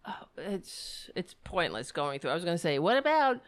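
A woman's voice: fairly low pitch, very animated, normal speed. A woman giving sarcastic, exasperated commentary, swearing freely as she rebuts. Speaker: commentator reacting to clips. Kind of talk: ranting commentary.

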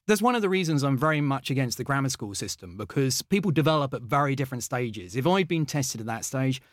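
A man's voice: medium pitch, fast, hardly any pauses, dry recording, clean studio sound. A man from England, a mathematician guest in an interview, telling stories eagerly with lots of ums, uhs and restarts. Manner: eager, animated storytelling with many fillers and restarts. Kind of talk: conversational interview storytelling.

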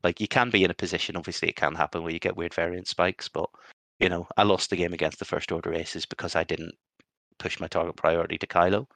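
Deep-voiced male podcast co-host, rambling and reflective, dry close-miked sound. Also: fairly even intonation, fast, vocal fry, a bit bright, no room sound. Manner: rambling, self-reflective, filler-heavy. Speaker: podcast co-host and competitive player. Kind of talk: casual podcast chat.

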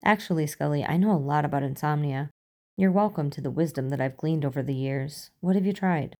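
A dry, amused male FBI agent who teases his partner about her sleeplessness, read by a woman. The voice sits low and dark with a gravelly edge. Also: fairly quick. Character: wry male FBI agent, insomniac, teasing.

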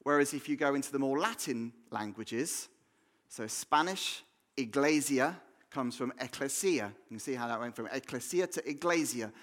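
A man's voice: medium pitch, moderate pace, a bit bright. A man with an English accent preaching a sermon in a church, conversational and jokey, often restarting with repeated words. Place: church hall.

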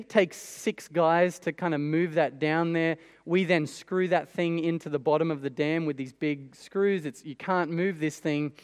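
A man's voice: fairly high pitch, long reverb tail. A man preaching a sermon in a conversational way, with many rhetorical questions. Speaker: pastor.

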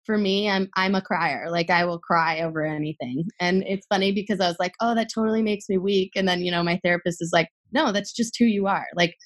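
A woman's voice: lowish voice, brisk, few pauses. A young adult woman athlete, a podcast guest, talking casually with lots of fillers and a gushing, open manner. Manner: chatty, gushing, many fillers.

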